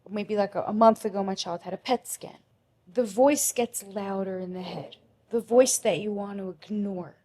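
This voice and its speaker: A woman's voice: medium pitch, moderate pace, dark tone. A young adult woman speaking as a podcast guest, candid and emotional, acting out her own inner thoughts aloud.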